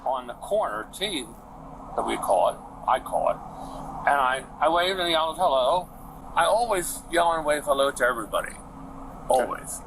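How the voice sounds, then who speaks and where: Man, 70s, rambling, chatty, slightly high voice, outdoor body-cam, background noise. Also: very animated, normal speed, vocal fry. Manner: chatty, meandering, repeats himself. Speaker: witness talking to police. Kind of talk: rambling storytelling. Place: outdoors on a street. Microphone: police body camera.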